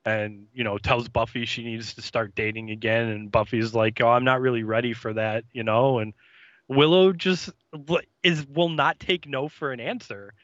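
Podcast guy talking through an episode, bright tense voice, lots of ums, dry dull lo-fi mic. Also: medium pitch, normal speed, no echo. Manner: chatty, hesitant, many fillers and voiced quotes. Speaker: podcast co-host. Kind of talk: casual recap chat.

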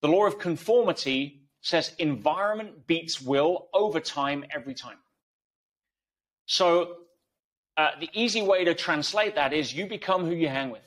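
A man's voice: a little high, lively intonation, moderate pace, a bit bright. A man speaking as an interview guest, making emphatic points with analogies and rhetorical questions. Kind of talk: conversational interview.

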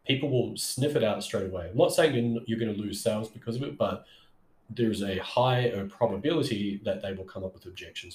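A man's voice: lowish voice, a little mellow, roomy sound. A man talking as a sales coach in a casual coaching monologue, conversational and full of fillers and restarts.

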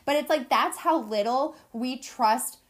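Animated young woman chatting casually. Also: high-pitched, measured pace. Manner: animated, acts out quoted voices. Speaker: podcast co-host. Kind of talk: casual chat.

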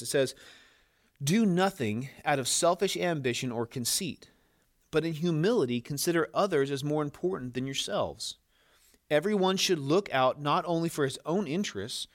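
A man preaching a sermon as a pastor, emphatic and repeating words to drive points home, with small restarts as he explains. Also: a little high.

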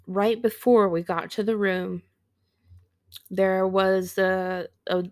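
A woman in her thirties hosting a podcast, telling a personal story in a slow, halting, reflective way and sounding teary. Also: medium pitch, no room sound, studio quality. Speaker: podcast host.

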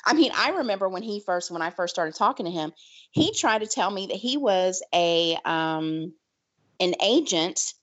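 A woman co-hosting a podcast, talking sassily in a rambling way with many fillers. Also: fairly low pitch. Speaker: podcast co-host. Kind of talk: casual chat.

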